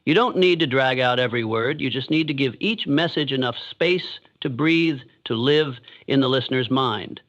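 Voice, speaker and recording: A man giving scripted motivational narration with a measured, deliberate delivery and emphatic pauses. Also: mid-range voice, fairly bright tone, lo-fi sound.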